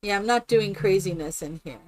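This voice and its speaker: A woman's voice: mid-range voice, fairly quick, a little mellow. A woman chatting casually and rambling with many fillers while she builds in a game on a live stream.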